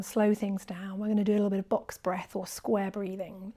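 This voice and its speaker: A woman teaching a guided yoga class, gentle and encouraging, often dropping to a soft near-whisper while counting breaths. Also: mid-range voice, level tone, a little fast. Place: indoors, quiet room with birds faint outside.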